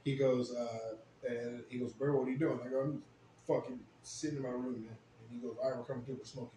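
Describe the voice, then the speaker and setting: Young guy rattling off a sweary story quick, echoey room, bit of background hiss. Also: mid-range voice. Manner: profane, animated storytelling, shouts when quoting himself. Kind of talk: casual podcast chat, storytelling. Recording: roomy echo, faint ambient noise.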